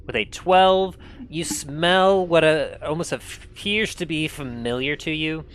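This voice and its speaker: A man narrating as game master of a tabletop role-playing game, setting scenes in an unhurried, descriptive way. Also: a little high, a bit bright, clear, resonant tone.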